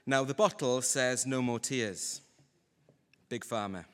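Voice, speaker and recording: A man preaching a sermon in a relaxed, conversational, humorous way to a congregation. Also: mid-range voice, takes it slowly. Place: church hall. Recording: long hall reverb.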